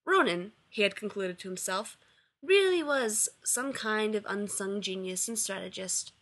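A woman narrating a story aloud with a bright, forward tone. Her pitch sits in the middle, and she reads steadily through long sentences. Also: lively intonation, unhurried. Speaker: reader. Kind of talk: reading fan fiction aloud.

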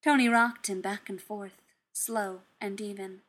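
A woman reading fan fiction aloud in a soft, unhurried storytelling manner. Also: medium pitch, steady tone. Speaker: narrator.

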